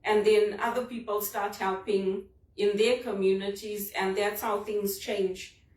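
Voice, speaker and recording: A woman's voice: mid-range voice, flat delivery, unhurried, a little mellow. A woman from Zimbabwe, talking in an earnest, personal, reflective monologue about a leadership book. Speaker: vlogger discussing a leadership book. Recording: roomy sound from a distant mic.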